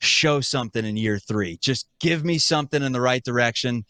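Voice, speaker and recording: A former TV broadcaster, a man, chats casually as a guest in a laid-back way, using lots of fillers. His mid-range voice moves at a normal speed with a sharp tone and no echo.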